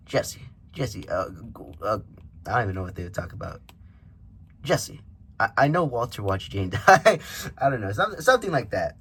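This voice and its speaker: A man's voice: fairly low pitch, fairly bright tone, a little hiss or hum. A man reviewing a toy figure in a casual vlog, rambling and interrupting himself with frequent asides. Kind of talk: casual unboxing vlog chat. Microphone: camera microphone.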